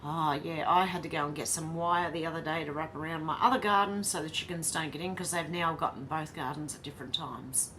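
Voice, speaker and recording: A woman's voice: low voice, fairly even intonation, brisk, hardly any pauses, a bit bright, slight background noise. An Australian woman hosting a casual livestream, talking in a tired, wry way and reading out chat comments. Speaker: livestream host.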